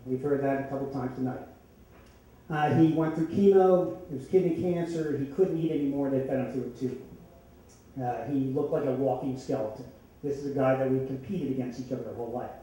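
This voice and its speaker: An older man from the Philadelphia area telling a true story on stage at a story slam, conversational and wry with deadpan punchlines. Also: mid-range voice, fairly quick. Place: stage in an echoey hall with an audience. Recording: echoey hall, distant mic, faint noise.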